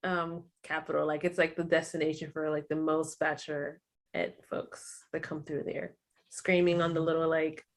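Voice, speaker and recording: A chatty woman tells stories in an animated way, her talk full of "like." Her voice is low-pitched. She is a co-host in a relaxed podcast conversation. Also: normal speed. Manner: chatty, animated storyteller with filler "like". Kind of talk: casual chat.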